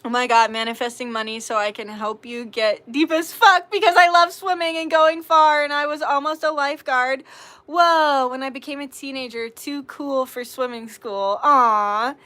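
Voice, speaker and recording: A young woman talks casually to viewers of her live tarot stream, reading their comments aloud and answering them. Her voice sits a little high and sounds bright and clear. She giggles often and swears without a second thought. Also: steady tone, normal speed.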